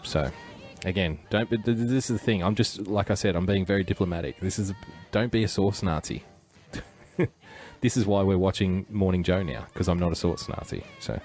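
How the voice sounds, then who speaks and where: A man with a very deep voice hosts a casual livestream, thinking out loud and drifting from point to point. He cracks jokes and chuckles at his own asides. Faint music plays behind him. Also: moderate pace. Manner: rambling, joking, chuckling asides. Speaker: livestream host.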